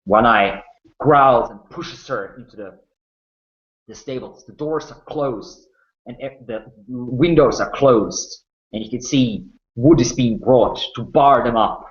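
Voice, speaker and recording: A man's voice: medium pitch, slow pace. A man narrating a tabletop game as game master, telling the story in a dramatic way with small restarts. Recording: dull, roomy sound.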